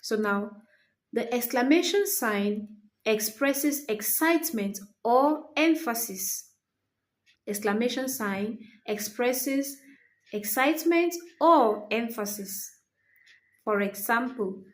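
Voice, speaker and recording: A woman with a voice on the high side teaches English punctuation, explaining slowly and repeating key phrases for emphasis.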